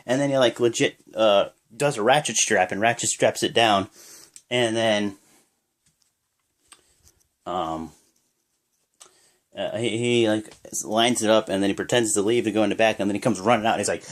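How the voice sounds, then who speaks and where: A young man giving a casual, rambling play-by-play recap of a wrestling show, jumping into high yells when he acts out the wrestlers' lines. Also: expressive, moderate pace, long pauses. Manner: rambling with many fillers.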